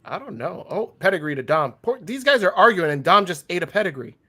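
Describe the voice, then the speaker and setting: A man co-hosting a wrestling podcast, excitable and teasing, calling out what he sees. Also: high-pitched, fast talker. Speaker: podcast co-host. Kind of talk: casual wrestling chat.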